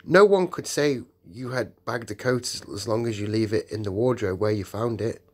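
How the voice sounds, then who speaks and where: A man's voice: fairly low pitch, moderate pace, slightly rough. A man reading an audiobook and voicing a blunt, decent eldest schoolboy with a raised, exclaiming manner. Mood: apologetic.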